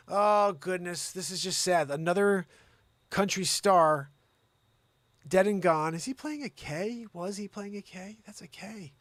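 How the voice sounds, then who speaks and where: A man's voice: high-pitched, a little slow, a bit bright, no echo, studio quality. A man hosting a comedy news livestream, ranting and sarcastic, with swearing asides.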